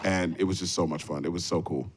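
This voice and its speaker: A man on a panel relates a fan encounter in an easygoing, chatty way, with plenty of ums along the way. His voice sits fairly low. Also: fairly even intonation, fast. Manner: easygoing, chatty, many fillers. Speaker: stage actor on a panel. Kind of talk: relaxed anecdote.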